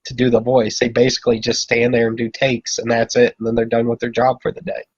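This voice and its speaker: Man, blunt and opinionated, mid-pitched voice, muffled lo-fi audio. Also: completely flat delivery, fast, darkish tone, husky. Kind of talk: casual podcast chat.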